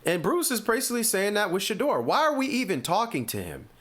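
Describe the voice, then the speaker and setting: A man's voice: high voice, a little fast. Opinionated East Coast sports podcaster man. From US Northeast. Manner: animated, opinionated, rhetorical questions. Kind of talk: casual sports commentary.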